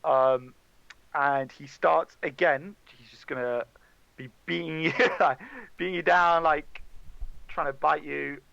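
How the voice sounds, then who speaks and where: A man's voice: fairly high pitch, steady tone, slow, gravelly, fairly bright tone, dry recording, dull audio. A man running a tabletop game as dungeon master, narrating casually with many fillers.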